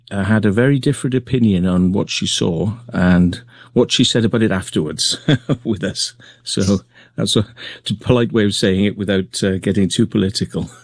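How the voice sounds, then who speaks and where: A man being interviewed, talking in a relaxed way with many pauses and fillers. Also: low voice, no room sound. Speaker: guest, crop circle maker. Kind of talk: remote interview.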